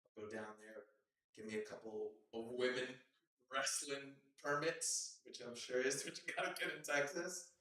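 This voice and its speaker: A man doing a rambling open-mic stand-up set with slangy talk and sudden shouted bits, from a club stage. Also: mid-range voice, fairly even intonation, moderate pace, heavy reverb, distant mic, low-quality recording. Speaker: stand-up comedian.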